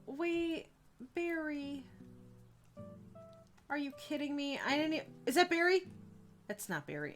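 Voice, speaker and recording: A young woman streams a game in a high voice that swoops up and down. She talks in an unhurried way, reacting to the game and chatting with her viewers. Soft music plays faintly behind her. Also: big pitch swings, poor audio. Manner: chatty, reacting to the game and reading chat aloud. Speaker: live streamer. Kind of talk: casual gameplay commentary.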